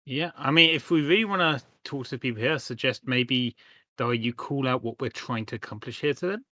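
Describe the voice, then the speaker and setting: A man's voice: medium pitch, brisk, bright, forceful tone, no echo. A man playing a tabletop game, hesitant and polite in casual chat. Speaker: player.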